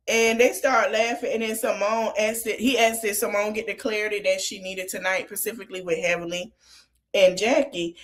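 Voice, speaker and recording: A woman hosting a podcast, recapping a reality show reunion in a chatty, gossipy way, with sassy asides. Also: fairly high pitch. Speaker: podcast host.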